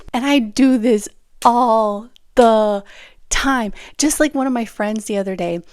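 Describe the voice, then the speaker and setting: A young woman giving casual podcast advice in a lively, chatty voice. Her tone has a gravelly fry running through it, and she laughs often and acts out little quotes. The sound is dry and close. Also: mid-range voice, no echo. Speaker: podcast host.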